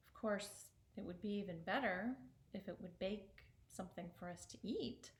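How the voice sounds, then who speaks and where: A gentle old peasant man from a told folktale, soft-spoken and musing, slipping into a hush now and then, as a woman storyteller puts him on. Her everyday pitch, heard in an echoing room. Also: normal speed, lightly acted.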